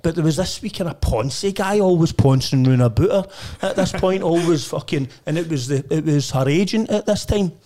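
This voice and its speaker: A man's voice: a little high, normal speed, hardly any pauses, dark tone. A middle-aged man with a Scottish accent, a podcast guest swearing and chuckling his way through stories in casual chat.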